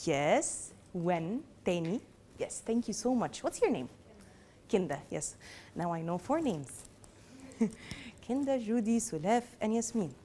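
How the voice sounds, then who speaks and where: A woman with an Egyptian accent giving a lively classroom lesson as a lecturer, switching between Arabic and English and teasing her students. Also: mid-range voice, unhurried, pauses often, a little hiss or hum.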